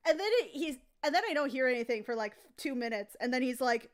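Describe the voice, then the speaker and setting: A woman's voice: high voice, a little fast, hardly any pauses, clean tone. A woman casually telling a rambling, profane anecdote on a live stream. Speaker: comic artist streaming.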